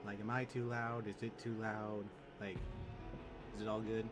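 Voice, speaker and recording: A man's voice: lowish voice, little pitch movement, normal speed, music in the background. A young man streaming a horror game, chatting casually in a rambling, jokey, self-deprecating way. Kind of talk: casual let's play commentary.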